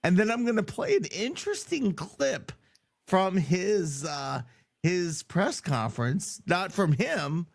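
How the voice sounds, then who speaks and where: Hoarse, gravelly sports-show man. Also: high-pitched, sing-song, slow. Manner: teasing, casual. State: hoarse from yelling. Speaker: podcast co-host. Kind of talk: casual sports talk.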